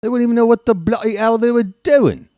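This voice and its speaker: A man's voice: very high-pitched, fairly quick, warm tone, dry recording, clean studio sound, pitched above the performer's own voice. A man putting on a British accent, playing a blustering British movie actor who swears and jokes. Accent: put-on British. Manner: jokey, blustering, tosses in 'bloody hell'. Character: boastful British actor, mock-tough, swearing.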